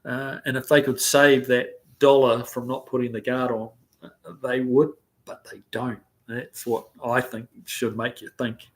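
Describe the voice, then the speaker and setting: A man's voice: medium pitch, level tone, measured pace. Easygoing New Zealand man chatting. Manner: rambling, easygoing, many ums and uhs. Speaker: livestream host. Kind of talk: casual live chat reading comments. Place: living in the United States.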